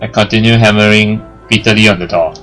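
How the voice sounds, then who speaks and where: Let's play host, male, lowish voice, casual, jokey, reads narration aloud. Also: fast, faint music behind. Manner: joking, laughs at the story, gets loud when excited. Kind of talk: reading game text aloud with casual commentary.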